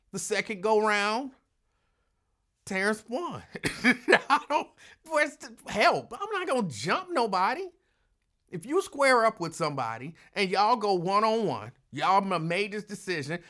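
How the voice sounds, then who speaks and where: The host of a live afternoon radio show speaks in a high, bright, forceful voice. Even so, his manner is laid-back and drawling; he greets listeners by name and laughs as he tells stories.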